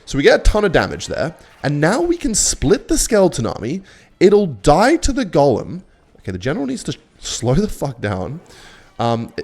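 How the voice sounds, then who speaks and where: Cocky, swearing young man commenting on gameplay. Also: moderate pace. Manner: cocky, sarcastic, swears a lot, lively pitch swings. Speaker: gaming content creator.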